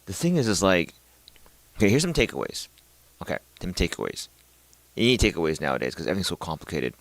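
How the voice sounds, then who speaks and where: A man with a very low voice talks unscripted, thinking aloud as he goes, full of fillers, restarts and the odd casual swear word. The room sounds dead, with no echo. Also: huge pitch swings, quick pace, gravelly. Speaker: vlogger.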